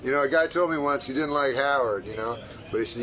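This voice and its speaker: A man guesting on a radio talk show, talking in a deadpan, rambling way. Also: mid-range voice, fast talker, low-quality recording. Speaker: comedian guest.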